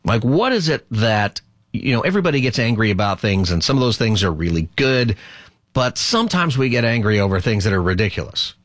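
A man's voice: lowish voice, animated, a little fast, no echo, studio quality. A middle-aged man hosting a call-in radio talk show, chatty and rambling, often laughing.

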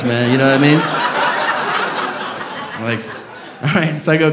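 A man's voice: a little high, moderate pace, pauses often. A man doing a stand-up set in a club, telling a story with lots of swearing. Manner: profane, animated storytelling. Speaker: stand-up comedian. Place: comedy club stage. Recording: echoey room with crowd noise. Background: audience laughter.

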